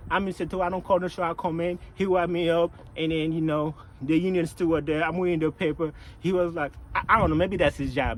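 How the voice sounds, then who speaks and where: A man's voice: fairly high pitch, slight background noise, poor audio. A man telling work stories in a casual venting vlog, full of swearing and repeated phrases. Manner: profane, repetitive, animated storytelling. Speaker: vlogger, package handler.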